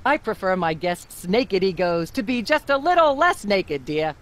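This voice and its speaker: A woman's voice: mid-range voice, sing-song, moderate pace, lightly acted. An actress playing a vain, pompous female talk show host who lectures and rambles. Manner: haughty, lecturing, rambling blah-blah tirades.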